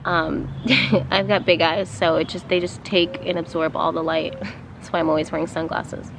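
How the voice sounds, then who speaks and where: Outdoors, a woman with a slightly low voice gives an unscripted, channeled spiritual card reading, meandering through her thoughts with fillers and soft little laughs. She speaks at normal speed in a level tone, with clear outdoor ambience and passing vehicles in the background.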